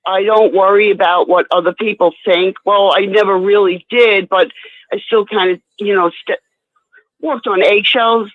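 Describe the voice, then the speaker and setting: Woman guest telling her story, halting and plain, dry phone-line sound. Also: mid-range voice, steady tone, no echo. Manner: plain-spoken, halting with repeated words. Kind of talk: candid personal interview.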